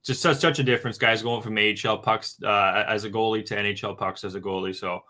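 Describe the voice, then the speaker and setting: A man's voice: lowish voice, steady tone, quick pace, sharp tone. A man talking as a guest on a betting show, giving his hockey pick in loose chat full of fillers, often calling listeners guys. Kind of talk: casual sports betting talk.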